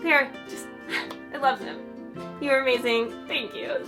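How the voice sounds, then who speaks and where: A woman's voice: high voice, steady tone, unhurried. A young woman in her twenties telling a storytime vlog in a gushing, chatty way, full of "like". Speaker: YouTuber. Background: light ukulele music.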